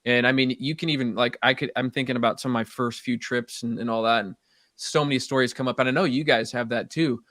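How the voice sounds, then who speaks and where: A man's voice: mid-range voice, fairly even intonation, fast talker, fairly bright tone, dry recording, clean studio sound. A man co-hosting a casual podcast chat, easygoing and rambling, laughing at himself. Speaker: podcast co-host.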